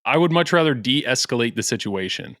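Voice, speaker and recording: A man's voice: mid-range voice, expressive, a little fast, no room sound. Midwestern guy rambling on a podcast, lots of restarts, really dry close sound. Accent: Midwestern American. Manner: rambling, self-interrupting, soft-spoken. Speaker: podcast guest. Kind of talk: casual chat.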